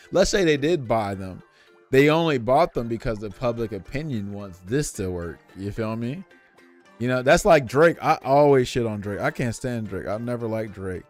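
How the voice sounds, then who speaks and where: A young man streaming from home, ranting in casual slang and addressing his chat directly. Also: medium pitch. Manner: animated, opinionated, slangy, talks to chat.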